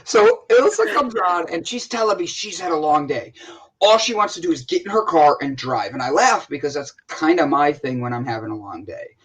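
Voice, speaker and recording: A man with an American accent tells a story in a casual co-hosted chat. His voice sits high, and he talks in an animated way, starting his sentences over again and again. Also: moderate pace, husky, low-quality recording. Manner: animated storytelling with many restarts. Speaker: co-host.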